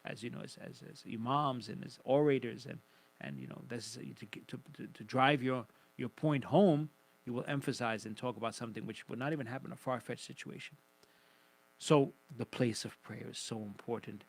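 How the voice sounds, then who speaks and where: A man's voice: medium pitch, fairly quick, gravelly, low-quality recording. A man teaching Quran commentary on the radio, explaining emphatically and quoting Arabic recitation. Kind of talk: radio religious lesson.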